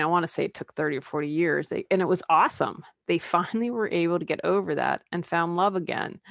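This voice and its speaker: A woman hosts a solo coaching podcast in a lowish voice. She talks in a conversational, candid way and adds personal asides. The recording is dry and close. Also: vocal fry, no room sound. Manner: conversational, drops into mocking put-on quotes. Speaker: life coach and podcast host.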